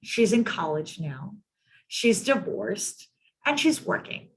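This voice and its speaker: A woman speaks over a video-call mic with a slightly husky, breathy voice, pitched in a middle range. She tells a case story to colleagues in an emphatic way, often doubling words for stress. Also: sing-song, slow. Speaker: mental health clinician presenting to colleagues. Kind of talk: storytelling in a training presentation.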